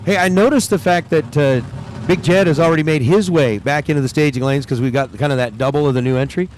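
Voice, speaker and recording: Guy announcing drag races outside, kinda high voice, jokey, some track noise. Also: fast. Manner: chatty, joking between calls. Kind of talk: live race commentary. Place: outdoors at a racetrack.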